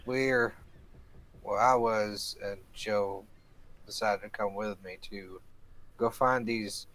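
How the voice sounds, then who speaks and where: A man's voice: fairly low pitch, fairly even intonation, takes it slowly, a bit bright, rough recording. A man playing a tabletop game in character, rambling and hesitant with many fillers. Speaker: player. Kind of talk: in-character tabletop role-play.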